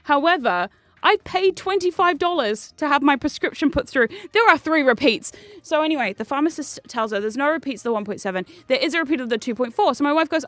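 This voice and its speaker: A young woman from New Zealand tells a story casually and animatedly while streaming a game, swearing now and then and breaking into bursts of laughter. She speaks briskly in a high voice.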